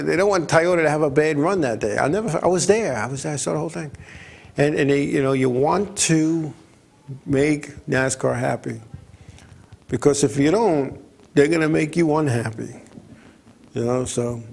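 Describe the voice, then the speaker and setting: A man hosting a racing talk show, telling stories in a rambling, animated way, often stumbling over and repeating his words. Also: a little high, creaky. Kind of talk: casual talk-radio storytelling.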